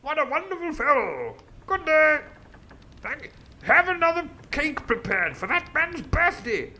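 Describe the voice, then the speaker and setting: A man voicing a pompous, upper-class older English squire in a high, plummy toff voice. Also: very animated, a little slow, pushed and bright, heavily acted. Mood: jolly.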